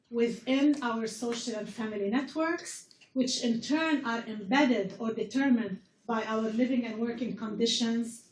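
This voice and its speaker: Woman lecturer, higher voice, earnest, heard from afar in a roomy hall with faint hiss. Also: distant mic. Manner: earnest, repeats words while explaining. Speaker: university public health lecturer. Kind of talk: classroom lecture. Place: classroom.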